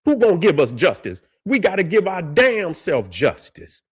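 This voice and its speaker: A man's voice: high-pitched, wildly swooping pitch, moderate pace, husky. A man hosting a commentary vlog. He rants heatedly and swears a lot, stumbles over words, and reads case histories aloud between outbursts. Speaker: commentary channel host.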